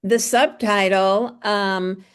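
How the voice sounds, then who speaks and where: A woman's voice: medium pitch, steady tone, drawn-out words, smooth. Thoughtful woman asking interview questions. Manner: thoughtful, careful questions with fillers.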